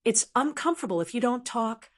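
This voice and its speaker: A woman's voice: a little high, expressive, fairly quick, voice pushed up. A woman voicing a wry, amused young male martial hero in an audiobook, speaking in a teasing way. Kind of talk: audiobook character reading.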